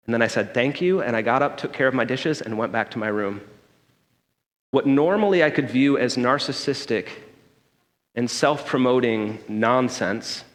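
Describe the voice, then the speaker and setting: A man giving a sermon in a church, telling a personal story in a conversational way and checking in with the congregation by asking "okay?". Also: mid-range voice. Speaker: pastor. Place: church sanctuary. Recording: long hall reverb.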